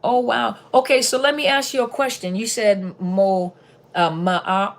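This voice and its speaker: A woman hosts a live-stream Q&A and talks casually to her viewers. She reads their comments aloud and answers with chatty reactions, often repeating short exclamations. Her voice sits at a middle pitch. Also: measured pace.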